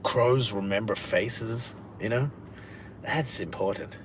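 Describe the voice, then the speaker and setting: A man's voice: slow pace, noisy background. A man, hosting a live stream, chatting casually and bluntly with plenty of swearing as he reacts to viewer comments. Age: 50s. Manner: profane, blunt, jokey, drops into a low mumble. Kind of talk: rambling casual chat reading viewer comments.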